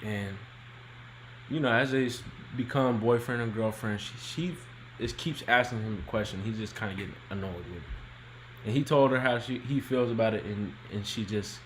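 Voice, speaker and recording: A man's voice: on the low side, normal speed, slight background noise, poor audio. A man co-hosting a podcast, laid-back and colloquial, reading out and discussing relationship questions. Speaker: podcast co-host. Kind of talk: casual relationship advice chat.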